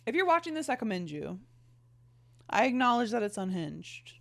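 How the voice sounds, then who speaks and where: A woman's voice: on the high side, sing-song, normal speed, vocal fry, fairly bright tone, dry recording, clean studio sound. A young woman hosting a podcast, reading her old fan fiction aloud and mocking it with sarcastic, giggly asides and plenty of swearing. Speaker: podcast host. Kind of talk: casual reading and commentary.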